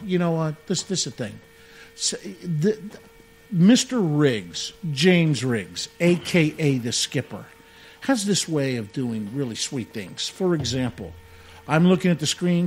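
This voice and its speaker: A man's voice: a little high, slightly rough. Rambling, jokey talk-radio co-host man. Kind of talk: casual chat.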